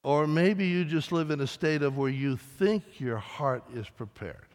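A man preaching a sermon as pastor, emphatic, with dramatic rises and soft drops. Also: fairly high pitch, a little slow. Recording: long reverb of a large hall.

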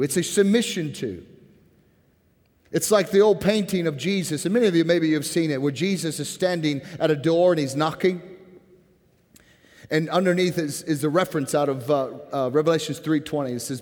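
A man preaching a sermon as pastor, earnest and impassioned, dropping to a hushed tone when he prays. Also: fairly high pitch, normal speed. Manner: earnest, rising to impassioned then softening to a hushed prayer. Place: church sanctuary. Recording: church hall with long reverb.

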